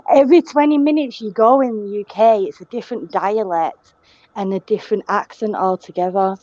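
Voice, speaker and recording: A woman's voice: mid-range voice, fairly quick, dark tone, no echo. A woman with a Manchester accent, chatting casually on a stream and patiently explaining with fillers. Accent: Manchester English. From England. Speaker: stream guest. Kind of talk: casual chat. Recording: dry, dull lo-fi call audio.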